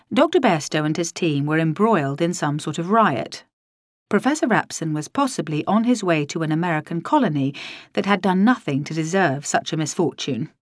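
A woman's voice: on the low side, dry recording, studio quality. A woman narrating a first-person audiobook in a wry, dryly comic manner.

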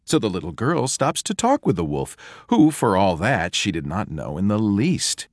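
A man reading a fairy tale aloud in a slow, expressive storytelling manner. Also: fairly low pitch, no echo, studio quality.

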